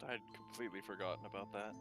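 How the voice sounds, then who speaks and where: A man's voice: fairly low pitch, fairly even intonation, very fast, over music. A man playing in a tabletop game, chatting casually and joking. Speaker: player.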